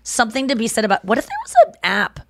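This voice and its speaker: A woman's voice: fairly high pitch, rapid-fire, a bit bright, dry recording, studio quality. A woman hosting a podcast in casual chat, chatty and rambling, laughing often. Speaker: podcast host.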